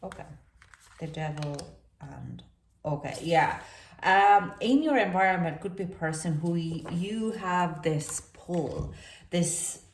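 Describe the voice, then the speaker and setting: A woman's voice: lowish voice, slow, slight background noise. A woman speaking as a gives a rambling, chatty tarot reading full of fillers. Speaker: tarot reader. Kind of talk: casual tarot reading to camera. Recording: echoey room, distant from mic.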